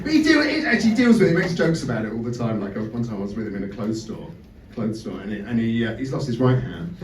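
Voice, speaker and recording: A man's voice: medium pitch, slight background noise. A man doing a stand-up comedy set and crowd work in a club. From England. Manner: crowd work, swears freely. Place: comedy club stage with audience. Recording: distant roomy live club recording.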